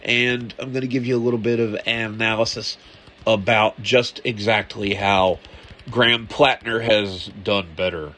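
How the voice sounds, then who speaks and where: A man's voice: lowish voice, steady tone, measured pace, pushed and bright. A man hosting a podcast, giving casual political commentary in a sarcastic, rambling way with muttered asides. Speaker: podcast host.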